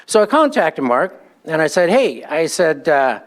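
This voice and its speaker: High-voiced man airing a neighbor complaint. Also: very animated, unhurried. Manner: aggrieved storytelling, acts out quoted exchanges. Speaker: neighbor giving public comment. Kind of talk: public comment at a meeting.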